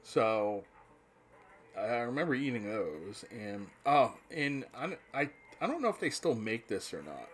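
Very animated yet unhurried, this medium-pitched speaker is a man in his fifties from New Jersey. His spoken monologue drifts nostalgically, breaking off into restarts and the occasional swear word.

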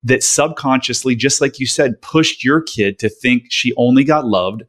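A man hosting a relaxed interview about parenting, talking in a reflective, coaching way. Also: mid-range voice, moderate pace. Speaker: podcast host. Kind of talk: casual interview chat.

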